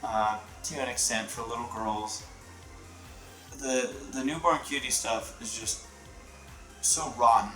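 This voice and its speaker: A man's voice: medium pitch, takes it slowly, pauses often, fairly bright tone, soft background music. A man speaking bluntly and critically as a reaction panelist. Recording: roomy room sound.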